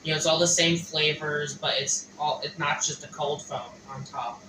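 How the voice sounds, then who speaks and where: A young woman chatting casually at home in an easygoing, drawn-out way. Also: low voice, fairly even intonation. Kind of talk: casual chat. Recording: distant, roomy, noisy background.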